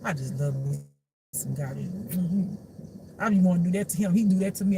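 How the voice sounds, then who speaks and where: Blunt, profane spiritual talker over noisy hum. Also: brisk. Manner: blunt, profane, laughing, swings from low mutters to shouts. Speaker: spiritual life teacher and reader. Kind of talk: casual unscripted monologue.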